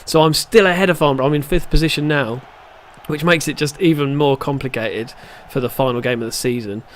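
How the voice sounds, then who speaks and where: A man giving live, excitable gameplay commentary, shouting at the match and muttering in between. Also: fairly high pitch, fairly quick, slight background noise. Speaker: gaming channel host.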